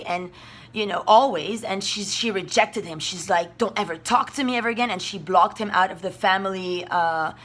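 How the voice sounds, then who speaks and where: A woman's voice: mid-range voice, a bit bright. A woman from Russia, talking in a rambling, emphatic and profane monologue. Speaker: spiritual vlogger.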